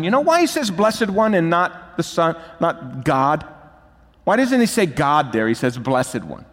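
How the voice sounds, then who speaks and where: Male pastor, lively pitch swings, emphatic preaching; long hall reverb. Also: unhurried. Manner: emphatic preaching, building to rising, urgent peaks. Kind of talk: sermon.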